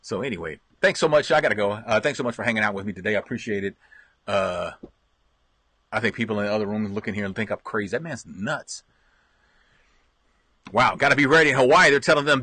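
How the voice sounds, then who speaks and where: A man's voice: mid-range voice, fast talker, pushed and bright, no echo. A man hosting a casual live stream, chatting with viewers and answering their comments, laughing often and repeating himself. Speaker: host reading viewer comments.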